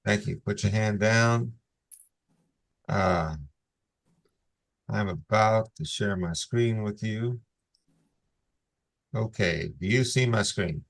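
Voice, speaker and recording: Over a video call, a man with a fairly low voice presides as judge at a court hearing, reading legal warnings in a measured, formal cadence.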